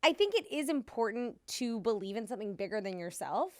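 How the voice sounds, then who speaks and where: A woman's voice: a little high, big pitch swings, fairly quick, a little mellow, no room sound, clean studio sound. A woman hosting a podcast in casual chat, sincere and chatty, with many "like" fillers. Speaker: podcast host.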